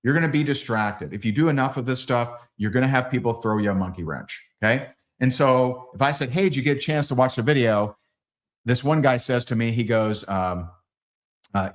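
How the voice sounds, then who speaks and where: Energetic man teaching sales closing. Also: mid-range voice, moderate pace. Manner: energetic, acts out both sides of sales calls. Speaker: sales trainer. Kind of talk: live sales training.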